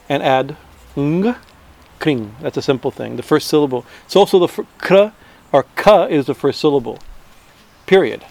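Man, spiritual teacher; slightly higher voice; loose, conversational delivery full of restarts and "right?" checks. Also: darkish tone. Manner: conversational, many restarts, frequent "right?" tags.

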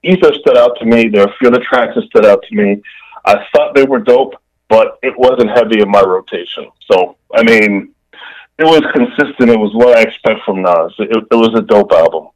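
A man chatting casually on a podcast, frank and animated in how he talks. He stumbles and restarts here and there while giving his take. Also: fairly quick, low-quality recording. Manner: candid, animated, laughs and jumps up in pitch for quoted reactions. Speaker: podcast co-host. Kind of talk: casual chat.

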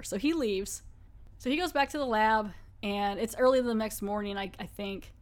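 A woman's voice: medium pitch, normal speed. A woman hosting a podcast, chatting casually and full of fillers as she recaps and reviews a TV episode. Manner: chatty, filler-heavy, acts out quotes.

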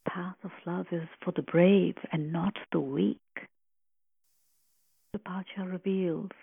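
A woman giving a slow, reverent spiritual commentary on a sacred hymn, reflective and full of pauses. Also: fairly low pitch, steady tone, gravelly, breathy edge, dry recording. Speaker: podcast host explaining scripture. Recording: tinny phone-like line.

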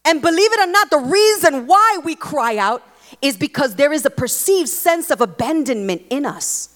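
A woman preaching a sermon, expressive and emphatic, leaning into repeated phrases. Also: high voice, normal speed. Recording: long hall reverb.

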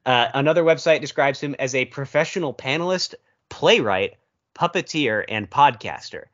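A man's voice: medium pitch, animated, normal speed, a bit bright, highs cut off. A man co-hosting a podcast in casual chat, rambling and wry with lots of fillers. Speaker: podcast co-host.

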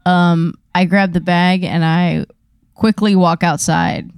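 A woman's voice: lowish voice, steady tone, slow, darkish tone, clean tone, no echo, studio quality. A woman playing a tabletop game, swearing often and answering tersely. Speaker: player.

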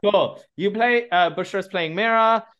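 A man hosting a podcast, running a playful improv game and giving quick directions to his guests. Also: high-pitched, fairly bright tone, smooth, lo-fi sound. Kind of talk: casual banter with guests.

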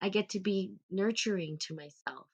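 A woman hosting a live stream, talking casually about self-love in a gentle, rambling way. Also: mid-range voice, moderate pace, slightly rough. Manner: rambling, gentle, many "like" fillers. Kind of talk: casual spiritual self-help talk.

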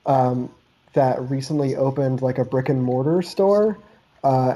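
A man's voice: medium pitch, warm tone, rough recording. A man from Canada chatting casually on a podcast, rambling and loose with lots of "like" and offhand swearing. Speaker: podcast co-host. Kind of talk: casual chat.

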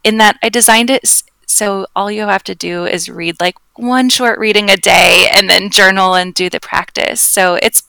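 A woman yoga teacher speaking as a podcast guest, calm and gentle, with thoughtful pauses. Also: medium pitch, vocal fry, smooth, dry recording. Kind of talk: casual interview chat.

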